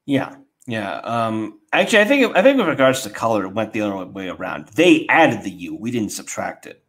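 A man's voice: on the low side, very animated, a little fast, fairly bright tone. An American man co-hosting a podcast who explains things bluntly and casually, with some profanity. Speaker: podcast co-host. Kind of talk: casual chat.

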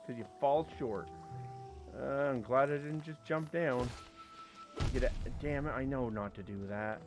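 Over music, a man with a mid-range voice and measured pace gives casual let's play commentary. He talks to the creatures in the game and occasionally yelps or exclaims suddenly.

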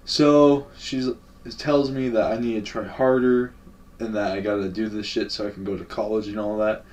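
A man's voice: fairly low pitch, steady tone, normal speed, darkish tone, highs cut off. Laid-back, slangy young man, mic far off. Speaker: vlogger. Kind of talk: casual story time.

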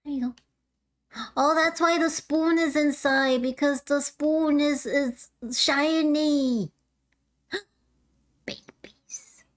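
A woman gives casual let's-play commentary in a slightly high voice, giggling and thinking aloud as she plays. She talks at an unhurried, drawn-out pace. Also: fairly even intonation. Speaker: streamer playing a video game.

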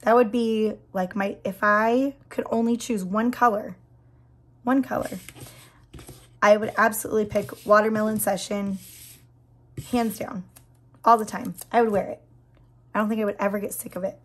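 A woman in her thirties with a hoarse, scratchy voice that drops into whispers, chatting and gushing while doing her nails. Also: medium pitch, steady tone, normal speed, long pauses. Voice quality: breaks into whispers. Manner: chatty, gushing, many fillers. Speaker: nail vlogger. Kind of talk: casual chat while doing a manicure.

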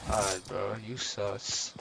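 Slangy, teasing gamer man, lowish voice. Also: flat delivery, slow pace, creaky. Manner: slangy, teasing, says "bro" constantly. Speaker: streamer playing online. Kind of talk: casual gaming chat. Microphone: gaming headset. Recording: loud background noise.

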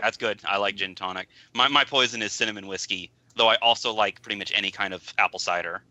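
Sharp-voiced eager man guest. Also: fairly low pitch, fast, no room sound. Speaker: guest artist. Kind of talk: casual podcast chat.

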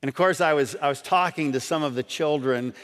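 In a slightly high, brisk voice, a man delivers an earnest sermon as pastor, restating key points and questioning his congregation. A church hall's long reverb surrounds him.

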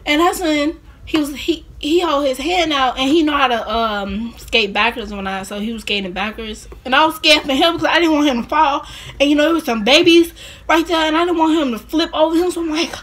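A woman's voice: sits high, steady tone, fairly quick, a bit bright. A young woman vlogger chatting casually through a rambling personal story, full of fillers and laughing asides.

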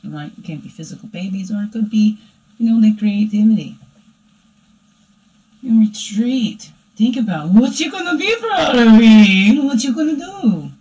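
A woman voicing her own playful alter-ego dark side, giving a rambling, chatty spiritual reading that keeps asking "right?". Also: on the high side, very animated, normal speed, rough recording. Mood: musing. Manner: rambling and chatty, tagging "right?" onto lines. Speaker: spiritual reader. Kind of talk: spiritual daily energy reading.

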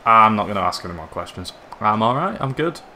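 Teen streaming, jokey rambling chat, bit of faint background hiss. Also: male voice, fairly low pitch, very animated, a little fast, pushed and bright. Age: teens. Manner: chatty, jokey, rambling banter. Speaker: gaming streamer. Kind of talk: casual live-stream chat.

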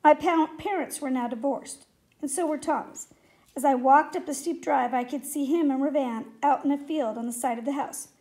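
A woman reading a children's story aloud with gentle, expressive storytelling. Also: sits high, moderate pace. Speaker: story reader.

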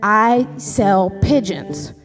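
A woman voicing a tough South Boston bar regular who talks slowly and matter-of-factly, on a live stage. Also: high-pitched, expressive, in a large hall, over music, pitched below the performer's own voice, heavily acted.

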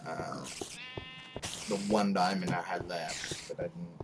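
Young male game commentator, low voice, heavy hiss and clicks behind. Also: steady tone, takes it slowly, pauses often. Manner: rambling, filler-heavy, self-mocking. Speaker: gaming channel host. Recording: loud background noise, mouse clicks.

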